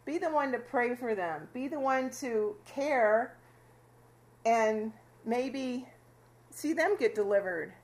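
A woman casually teaching a Bible passage to a small fellowship group, chatty and quick to laugh with them. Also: a little high, animated. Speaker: Bible study leader.

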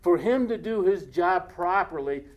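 Folksy male preacher, slightly high voice. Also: animated, dull audio. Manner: folksy, joking asides, reads scripture aloud slowly. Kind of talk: casual sermon with scripture reading.

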